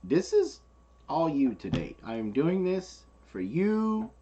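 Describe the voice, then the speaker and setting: A man's voice: fairly high pitch, takes it slowly, dull audio, slight background noise. A man telling a story in casual chat, acting out the people he quotes. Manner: animated, acts out the people he quotes. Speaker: co-host.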